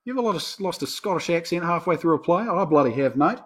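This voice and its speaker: Brief: man voicing every part of a play himself, wry aside, slightly high voice. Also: lively intonation, fast, husky. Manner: wry, self-mocking asides. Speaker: solo play reader. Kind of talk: reading a play aloud, all parts.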